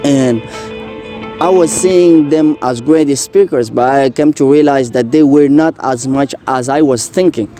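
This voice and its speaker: A man's voice: medium pitch, warm tone, faint music behind. Earnest young man telling his story. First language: French. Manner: earnest, halting, with many fillers and restarts. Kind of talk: personal story in casual talk.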